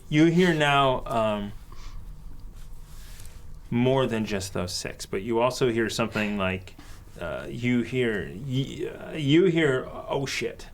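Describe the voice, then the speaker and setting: A man narrating as dungeon master of a tabletop game, relaxed and halting, with many fillers. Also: fairly low pitch, slight background noise.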